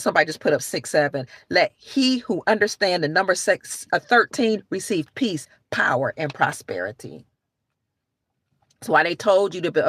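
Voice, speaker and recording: A woman's voice: medium pitch, dry recording. A woman talking to camera in an emphatic, rambling, preachy rant with frequent restarts. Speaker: online commentator.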